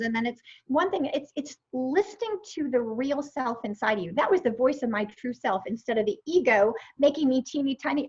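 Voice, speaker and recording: A woman in her fifties telling her story as a guest in a casual interview, animated and acting out her own past remarks. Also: a little high, moderate pace, slightly rough. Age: 50s. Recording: dull lo-fi sound.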